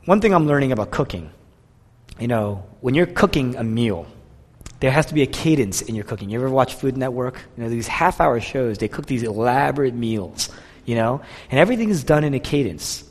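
A man preaching a sermon, emotional and expressive, rising to intense passages and sinking to soft ones. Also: mid-range voice, a little fast, long reverb tail. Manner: emotional, builds to impassioned intensity then drops soft. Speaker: pastor.

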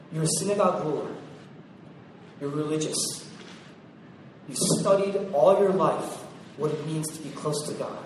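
A man preaching a sermon, emphatic, repeating phrases for weight and swinging from loud to hushed. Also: a little high, very animated, normal speed. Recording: very echoey hall, heard from far off, noisy.

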